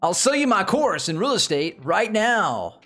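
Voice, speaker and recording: A man with a Southern US accent putting on a pushy male infomercial salesman's hard-sell pitch. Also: big pitch swings, measured pace, pushed and bright, faint music behind, exaggerated voice.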